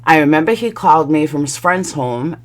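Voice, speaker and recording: A woman telling a personal story in a vlog, blunt and heated, swearing freely and rambling through quick asides. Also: low voice, lively intonation. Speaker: channel host.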